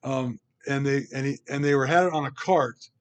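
A man's voice: mid-range voice, normal speed. A man leading a Bible study, reading scripture aloud and explaining it informally, with rhetorical questions to the group. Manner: reads scripture aloud between comments. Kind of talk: conversational Bible teaching.

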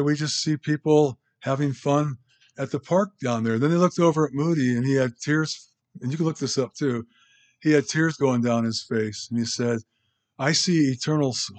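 A male pastor with a medium-pitched voice delivers a conversational sermon. He rambles, restarts his sentences, and makes asides to the congregation.

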